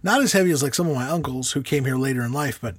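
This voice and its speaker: A man's voice: mid-range voice, racing, slightly rough, no room sound. A man hosting a podcast, who talks in a chatty, rambling way with many restarts. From United States. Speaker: podcast host. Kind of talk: podcast interview.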